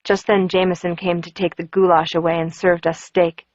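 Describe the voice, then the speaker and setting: Woman, audiobook narrator, measured, dry, muffled. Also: on the low side, flat delivery, no room sound. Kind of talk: first-person audiobook narration.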